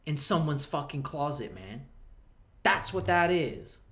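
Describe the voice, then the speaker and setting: A man's voice: on the high side, fairly bright tone. Profane rambling man in an echoey room. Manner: profane, rambling, laughs often. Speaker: streamer. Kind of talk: crude comedic storytelling.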